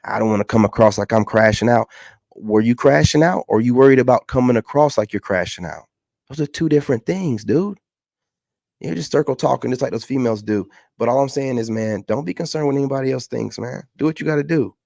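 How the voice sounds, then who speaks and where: A man's voice: medium pitch, lively intonation, a little fast, creaky, darkish tone, no room sound, studio quality. A man hosting a casual reaction commentary, blunt and lecturing, repeating himself for emphasis. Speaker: commentary host.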